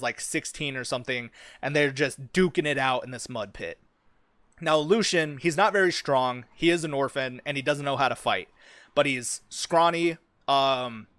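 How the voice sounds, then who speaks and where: A man's voice: a little high, fairly bright tone, dry recording. A young man streaming, chatting casually and with plenty of swearing about the fantasy story he is writing, full of ums and likes.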